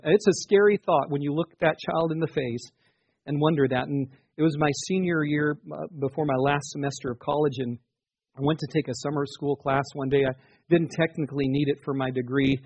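A man in his forties preaches with a husky, somewhat higher voice. He tells his own story earnestly and lifts his words for emphasis. The sound is dry and a little dull. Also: a little mellow, no echo. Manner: earnest, personal testimony with emphatic rises. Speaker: pastor. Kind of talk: sermon.

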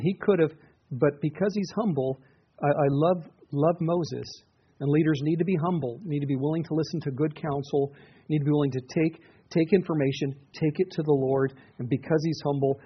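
Husky-voiced preacher man, earnest and conversational. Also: a little high, normal speed. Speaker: pastor. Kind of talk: sermon. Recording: dull, muffled lo-fi recording.

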